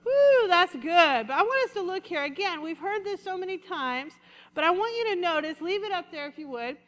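A woman pastor giving a lively, conversational sermon and calling out to her congregation. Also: very high-pitched, a little fast, big-room sound. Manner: lively, conversational preaching with congregation call-outs.

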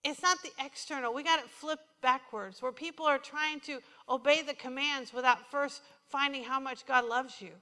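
A woman's voice: high voice, moderate pace, hardly any pauses, big-room sound. A woman preaching a sermon in a church, telling personal stories and acting out what people said to her. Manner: animated storytelling, quoting herself and others. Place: church sanctuary.

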